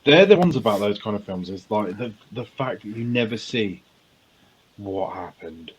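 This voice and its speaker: A man's voice: fairly low pitch, expressive, normal speed, poor audio. A man co-hosting a casual podcast chat, teasing and joking and swearing freely. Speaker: podcast co-host.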